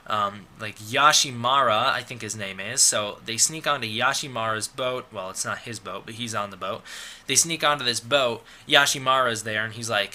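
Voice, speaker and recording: A man's voice: lowish voice, moderate pace, bright, forceful tone. A man recapping a monster movie in a casual review, rambling and sarcastic, with lots of fillers and restarts.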